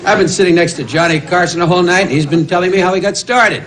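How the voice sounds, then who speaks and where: Brash roast comic, man, high voice, mock-solemn put-downs, old noisy broadcast. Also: quick pace. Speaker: roast comedian. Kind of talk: insult comedy roast on stage. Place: banquet hall before a live audience. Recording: noisy old broadcast with loud audience laughter.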